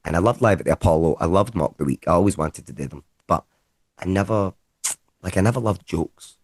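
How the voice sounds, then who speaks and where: A Scottish man, a comedian, chatting casually in an interview and telling rambling, lively anecdotes with some swearing. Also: low voice, brisk, slightly rough, no echo. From Scotland. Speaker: comedian guest. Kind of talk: casual conversational storytelling.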